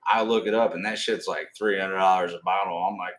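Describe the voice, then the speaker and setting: A man's voice: low voice, brisk. Rambling, cussing male storyteller. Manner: rambling, profane, animated storyteller. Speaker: live stream host. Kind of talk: casual storytelling on a live stream.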